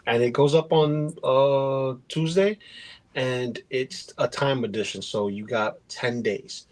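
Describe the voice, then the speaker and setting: A man's voice: medium pitch, takes it slowly, a little mellow, poor audio. A man co-hosting a toy review show, talking casually and rambling through prices and accessories. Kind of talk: casual podcast chat.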